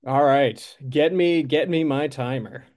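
A man's voice: medium pitch, a little slow, darkish tone, slight background noise. A man improvising a comic story, with dry, wry asides. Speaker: co-player and timekeeper.

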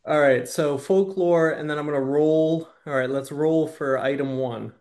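A man's voice: fairly high pitch, moderate pace, darkish tone. A man chatting casually as a co-host and player in an improv game, laughing along and giving short replies. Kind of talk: casual chat.

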